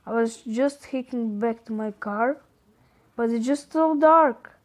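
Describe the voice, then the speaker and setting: A man with a Croatian accent reading the texts of a frightened young woman lost in dark woods, in a panicky, breathless way. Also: extremely high pitch, takes it slowly. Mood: scared.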